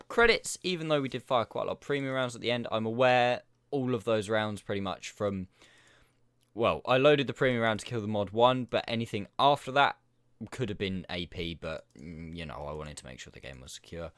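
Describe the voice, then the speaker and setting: A man's voice: on the low side, fairly quick, fairly bright tone, smooth, no echo, studio quality. A man giving chatty, upbeat and self-mocking commentary over his own game footage as a gaming YouTuber. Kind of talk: gameplay commentary.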